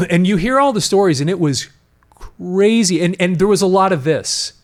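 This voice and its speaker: A man's voice: high voice, lively intonation, normal speed. A man hosting a casual talk show, explaining at length with frequent restarts and emphatic asides. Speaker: podcast host. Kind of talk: casual conversational commentary.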